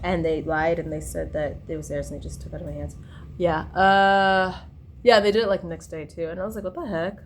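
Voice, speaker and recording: A woman's voice: lowish voice, steady tone, brisk, slight background noise. A young woman talking in a rambling personal vlog, drifting between stories with many fillers and restarts. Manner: tangential, full of fillers and restarts. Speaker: vlogger.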